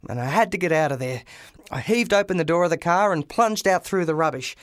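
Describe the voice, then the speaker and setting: A man's voice: a little high, a bit bright, dry recording, clean studio sound. A man reading a first-person storybook aloud as an audiobook, with frequent restarts and small fillers. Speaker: audiobook reader. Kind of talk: scripted audiobook narration.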